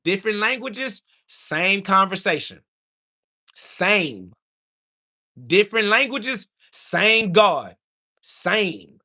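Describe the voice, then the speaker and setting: A man speaking hosts a livestream and answers chat in a combative, preachy monologue, insulting his critics over and over and now and then rising to a shout. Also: sits high, very animated, slow pace, long pauses. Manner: rises to shouting when heated.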